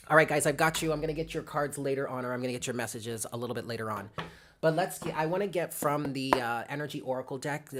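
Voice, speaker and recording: Doing a live tarot reading, she talks casually in a slightly bright, medium-pitched voice, reasoning aloud and greeting viewers by name with frequent "okay?" checks. A faint hiss or hum sits under the audio.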